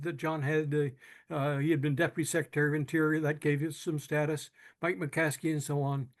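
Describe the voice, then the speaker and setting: An older man telling a personal story in an earnest, halting way, with frequent restarts, sometimes moved. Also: a little high. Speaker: speaker telling his own story.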